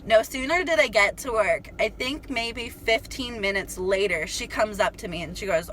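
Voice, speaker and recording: A woman's voice: medium pitch, normal speed, few pauses, slight background noise, low-quality recording. A young woman telling a story to her viewers in a casual, chatty way, full of "like" and casual swearing. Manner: chatty, animated, heavy use of "like". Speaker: spiritual vlogger.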